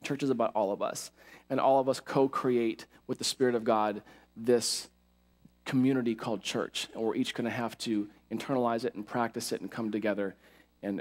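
A male pastor giving a sermon in a church, talking in a lively, conversational way with asides to the congregation. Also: on the low side, a little fast. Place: church sanctuary.

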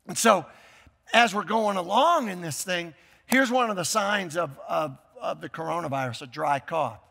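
An older man preaching a sermon as pastor, emphatic, repeating key phrases and breaking into shouts. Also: high-pitched, normal speed, vocal fry, in a large hall. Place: church sanctuary.

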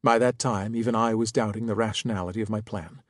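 A man narrating a first-person audiobook in a measured storytelling manner. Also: lowish voice, steady tone, no echo, studio quality.

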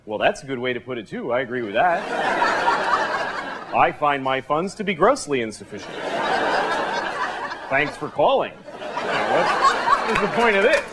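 A man performing a stand-up comedy set on a club stage, talking in a deadpan conversational way with sudden yelps. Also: mid-range voice, measured pace, long pauses, over a noisy crowd. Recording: live club recording, audience and room noise.

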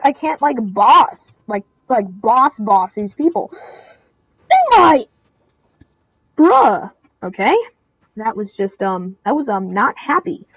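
Excitable high-voiced young woman gamer. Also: no echo, dull audio. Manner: excitable, squealing and crying out in panic; repeats short phrases over and over. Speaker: gameplay commentator. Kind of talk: excitable live game commentary.

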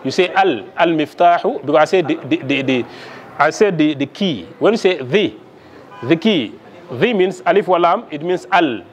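A man's voice: fairly high pitch, animated, moderate pace. A man lecturing on Arabic to a class, asking the students questions and checking their understanding with frequent "okay?" along the way. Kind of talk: classroom lesson.

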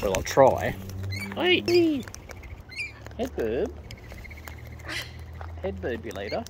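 This woman, a vlogger, speaks in a low, sing-song, slow voice as she feeds wild birds outdoors, playfully cooing at them, teasing them and using baby talk. Birds chatter and clicks sound in the noisy outdoor recording of the feeding spot.

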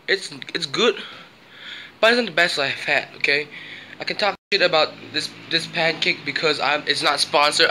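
A man's voice: a little high, lively intonation, normal speed, slight background noise, low-quality recording. A young man chatting casually in a vlog, slangy and playful, often exclaiming and rambling. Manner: slangy, exclaiming, hushed and breathy while eating, loud and playful when reviewing. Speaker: vlogger.

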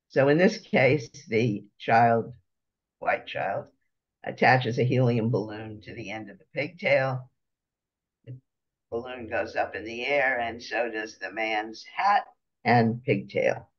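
A man talks through a slide-show lecture at an easy pace, stopping often to explain each picture. His voice sits at an ordinary middle pitch. The recording is dull and lo-fi. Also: slow pace.

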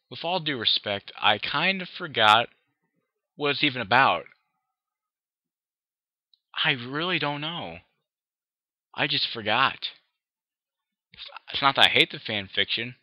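A man's voice: medium pitch, no room sound. Man, sore throat, casual hesitant reading, dry sound, muffled lo-fi mic. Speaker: fan fiction reader. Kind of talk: casual vlog intro and story reading.

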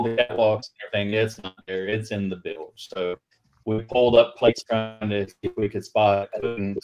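A man on a video call telling a halting, rambling anecdote about a museum ship, with many restarts. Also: on the low side, smooth, rough recording. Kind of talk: livestream storytelling. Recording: video call audio, feed breaking up.

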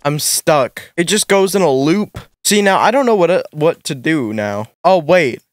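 A man's voice: fairly high pitch, expressive, unhurried, no echo, clean studio sound. A young man giving nervous, jumpy let's-play commentary on a horror game, talking to himself as he plays. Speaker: gaming YouTuber.

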